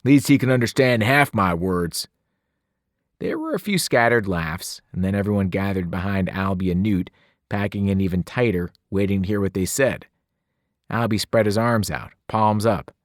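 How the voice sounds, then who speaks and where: A man, a teacher, reading a novel aloud with expressive narration. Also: deep voice, normal speed, no room sound, clean studio sound. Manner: expressive, voices the characters. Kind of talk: audiobook narration.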